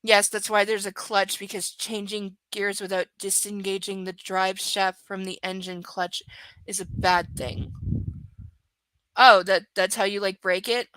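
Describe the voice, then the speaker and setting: A woman hosting a live book reading stream, chatting casually with her viewers in a halting way, full of fillers and restarts. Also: mid-range voice, level tone, sharp tone, no echo, low-quality recording. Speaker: livestream host reading a book.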